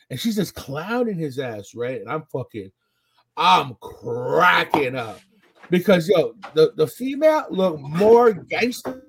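A young man co-hosting a podcast, telling stories in an animated, profane way. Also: sits high, normal speed, breathy edge. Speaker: podcast co-host. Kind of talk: casual chat.

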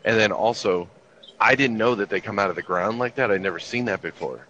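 Laid-back profane man, low voice. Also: a little fast, sharp tone. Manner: laid-back, profane, wry anecdotal delivery. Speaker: guest telling army stories. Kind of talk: casual storytelling chat. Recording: dull lo-fi recording with faint ambience.

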